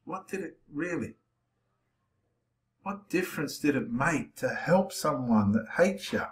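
A man's voice: a little high, animated, unhurried. A man preaching with passion to the camera, confronting and challenging his listeners directly. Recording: roomy echo.

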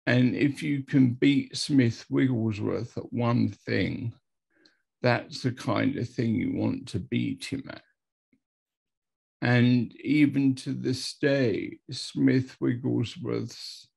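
Very slow, gravelly-voiced male priest. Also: mid-range voice, a little mellow. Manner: slow, repetitive, dramatic retelling with acted quotes. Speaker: Anglican priest. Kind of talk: storytelling testimony. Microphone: video call.

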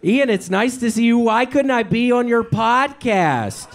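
A man with a high, light voice rambles through absurd stand-up stories in a flat, deadpan delivery. Every so often he bursts into a shout. He is on a comedy club stage. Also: a little slow. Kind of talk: stand-up set and on-stage banter.

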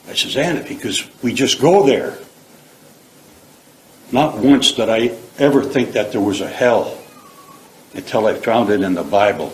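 A middle-aged man from Canada giving a plain-spoken, earnest personal testimony in a church hall. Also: mid-range voice. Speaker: speaker giving his testimony. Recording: echoey hall, faint background hiss.

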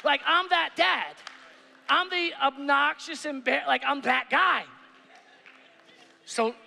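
A male pastor preaching a sermon, animated, swinging between shouts and hushed asides on a church stage. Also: very high voice, takes it slowly, vocal fry. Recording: reverberant church hall.

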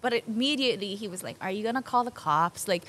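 This is a woman from Hawaii, a podcast guest who tells her stories in a relaxed, conversational way. She keeps a middle pitch, and she acts out the people in her stories and often breaks into laughter. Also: fast talker, a little hiss or hum. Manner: animated, acts out dialogue with frequent laughter. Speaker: guest, local business owner. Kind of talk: conversational storytelling.

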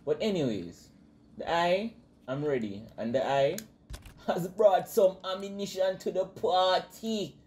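A man with a Jamaican accent commentating a game, loud and excitable, yelling and joking in patois as he plays. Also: sits high, a little slow, a little hiss or hum. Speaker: gamer commentator. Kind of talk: let's-play commentary.

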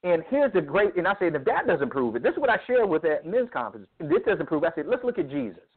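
Animated man, preacherly, over a phone line. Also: a little high, quick pace, slightly rough. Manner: emphatic, preacherly, acts out dialogue. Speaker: guest speaker on men's ministry. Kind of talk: animated interview storytelling.

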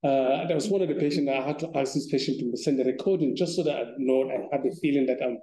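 A man lecturing as an ENT surgeon at a conference, informal, with chuckling asides and halting restarts. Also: medium pitch, dark tone. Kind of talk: conference lecture with patient videos. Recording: echoey hall.

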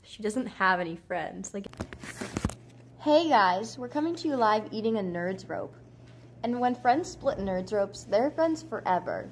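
A woman's voice: mid-range voice, lively intonation, measured pace, slight background noise. A young woman chatting casually in a vlog, bubbly and jokey, poking fun at herself. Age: young adult. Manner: bubbly, jokey, self-mocking. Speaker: vlogger.

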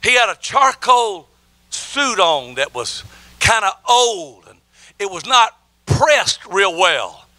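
Male evangelist, middle-aged, bright high voice, emphatic sermon storyteller who stammers and restarts. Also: big pitch swings, slow, no echo. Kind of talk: sermon testimony.

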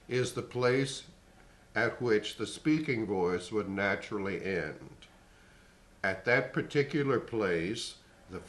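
An older man in his sixties gives a singing lesson, talking slowly in a measured, explanatory way. His voice sits a little low, and the room around him rings with echo. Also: a bit bright. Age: 60s. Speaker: voice teacher.

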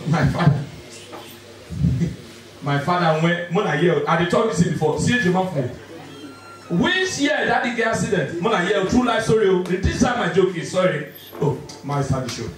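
A man with a Nigerian accent doing live stand-up comedy, bantering quickly and laughing often. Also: high voice, very animated. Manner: rapid Pidgin-laced banter, laughing often. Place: large indoor venue with live audience. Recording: echoey hall from far off, loud crowd.

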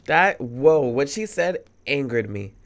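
A man in his twenties gives let's play commentary on a video game. He speaks slowly and emphatically, turning indignant and repeating words for effect. His voice sits in a mid-range pitch. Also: animated, creaky. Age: 20s. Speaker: gamer.

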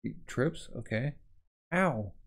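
A man's voice: mid-range voice, animated, slow, husky. A man hosting a live comic reaction, narrating the panels aloud and adding his own sound effects.

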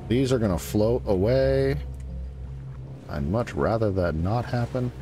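A man's voice: fairly low pitch, animated, measured pace, long pauses, over music. A man giving casual live commentary as he plays a survival game, chatting along and teasing the creatures on screen. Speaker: gaming streamer.

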